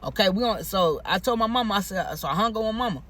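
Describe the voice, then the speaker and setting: A man's voice: high voice, fast. A man telling a personal story in a casual monologue, with heavy profanity, slang and emphatic, repetitive phrasing. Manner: animated, emphatic retelling.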